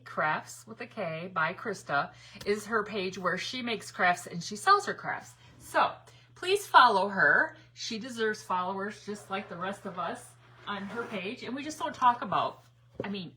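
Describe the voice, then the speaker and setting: Woman, craft livestream host, bubbly and rambling, lively up-and-down voice, bright tone. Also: mid-range voice, breathy edge. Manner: bubbly, laughs often, self-correcting rambles. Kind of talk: chatty live crafting demo, greeting viewers.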